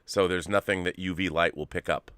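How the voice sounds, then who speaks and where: Bright, crisp American man riffing. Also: low voice, fairly even intonation, brisk, no room sound. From United States. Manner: enthusiastic, riffing, jokey asides. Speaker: co-host. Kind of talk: casual chat. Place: home studio in Hollywood.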